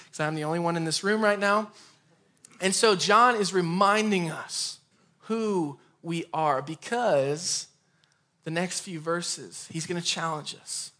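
High-voiced casual young male preacher. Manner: conversational, energetic preaching with asides. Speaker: pastor. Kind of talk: sermon. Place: empty room.

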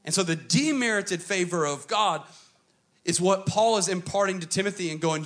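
A man preaching a sermon to a church congregation, emphatic and dramatic, switching between quick runs and slow, stressed phrases. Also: high-pitched, fairly bright tone. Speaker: pastor.

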